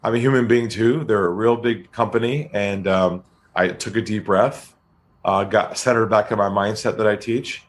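A man being interviewed as a sales trainer, telling stories in a calm, deliberate way. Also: lowish voice. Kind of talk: podcast interview storytelling.

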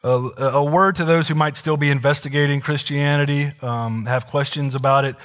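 A man's voice: on the high side, steady tone, moderate pace, a bit bright. A man in his thirties, a pastor giving a sermon in a loose, conversational way with frequent asides to the congregation. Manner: conversational preaching with fillers and asides.

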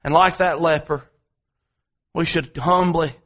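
Guy preaching a sermon, kinda high voice, stretches words out then rushes asides. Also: fairly bright tone. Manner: dramatic preaching, swings between drawn-out emphasis and quick asides; repetitive, rhetorical delivery.

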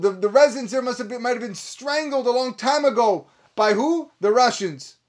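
Male rabbi, sermon delivery, high-pitched voice, impassioned and emphatic, Hebrew phrases woven in. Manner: impassioned preaching, rising to emphatic high peaks.

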